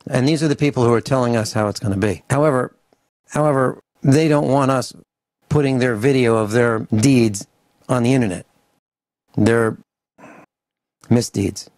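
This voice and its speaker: A man hosting a radio talk show, ranting in an animated, grumbling way and acting out little mock dialogues. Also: mid-range voice, moderate pace, long pauses, dry recording. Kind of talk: opinionated radio talk and rant. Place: home studio on a farm. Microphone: studio microphone.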